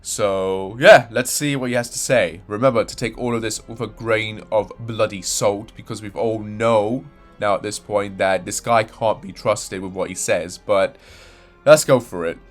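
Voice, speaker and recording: Young guy w a lowish voice rambling about game leaks, kinda sarcastic, music playing quietly behind him. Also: steady tone, measured pace. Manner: rambling, sarcastic, self-correcting. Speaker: gaming channel host. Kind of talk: casual video game news commentary.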